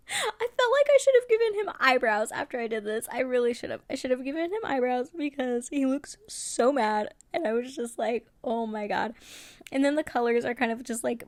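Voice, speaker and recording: A woman's voice: fairly high pitch, dry recording. A woman, chatting in a casual voice-over as she walks through her nail art and laughs at her own mistakes.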